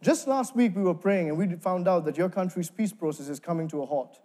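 Man, young adult, from Sri Lanka, high-pitched, faith testimony, animated storytelling. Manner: animated storytelling with quick laughs and acted-out dialogue. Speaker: speaker giving a testimony.

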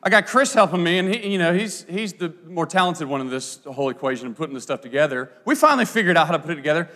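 A man in his thirties delivers a sermon in a bright, high voice that swings widely up and down. He tells funny stories from his own life in a lively, playful way, full of asides to his listeners. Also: quick pace. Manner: animated, playful storyteller with frequent asides. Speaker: pastor. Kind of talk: sermon with storytelling.

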